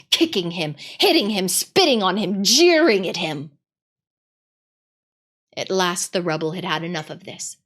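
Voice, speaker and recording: A woman narrating a storybook read-aloud in an expressive, dramatic way. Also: a little high.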